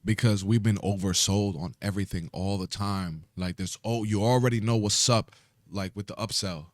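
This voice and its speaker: A man's voice: fairly low pitch, normal speed, dry recording, clean studio sound. A man with a New York accent in casual podcast chat, laid-back and slangy, acting out phone calls as he tells stories. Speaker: podcast co-host. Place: podcast studio.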